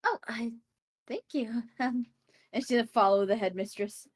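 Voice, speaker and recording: Casting: a young-sounding woman at a game table, giggly, a bit hesitant, fairly high voice. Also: moderate pace. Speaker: player. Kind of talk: casual tabletop play.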